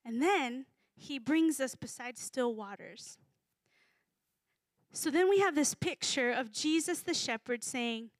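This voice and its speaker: Woman preaching, chatty and animated, high voice, dry close sound. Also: slow, no echo. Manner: conversational, animated, acts out voices in quotes. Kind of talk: sermon.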